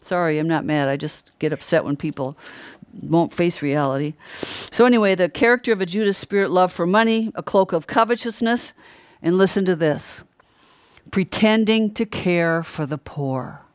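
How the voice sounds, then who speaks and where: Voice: mid-range voice, normal speed, clean tone, dry recording. A preacher giving an earnest, emphatic Bible teaching, repeating key phrases and often restarting mid-sentence. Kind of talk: sermon-style Bible teaching.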